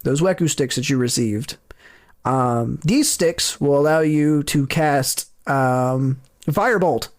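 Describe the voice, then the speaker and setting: A man's voice: a little high, slow. A man narrating as game master of a tabletop game, casual and laughing easily.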